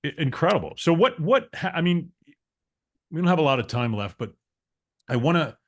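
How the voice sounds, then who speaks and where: A man's voice: a little high, big pitch swings, normal speed. A man hosting an interview podcast, talking casually and repeating words as he gathers his thoughts. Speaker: podcast host.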